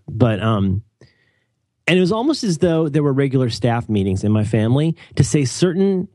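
A man's voice: mid-range voice, no room sound, studio quality. A man co-hosting a podcast, telling rambling wry stories in casual chat. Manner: wry, rambling, animated storytelling. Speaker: podcast co-host.

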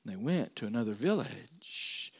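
A man's voice: mid-range voice, moderate pace, husky. A man preaching a sermon, telling stories and acting out the voices of people in them. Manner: animated storytelling, acting out voices.

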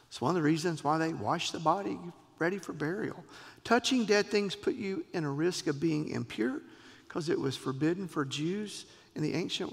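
A man preaching a sermon, expressive, with dramatic pauses and voiced quotes. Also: on the high side, creaky, long reverb tail. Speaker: pastor.

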